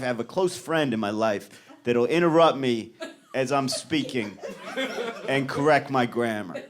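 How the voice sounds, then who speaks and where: A male stand-up comedian performing a live set, animated and jumping into high shouted voices for the people in his stories. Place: comedy club stage before a live audience. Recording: live club recording with loud crowd laughter. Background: audience laughter.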